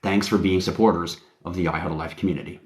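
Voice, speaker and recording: A man who is a company founder hosts a casual livestream, rambling in a hyped-up way and swearing casually. He talks fast in a low, steady voice, and the sound is reverberant.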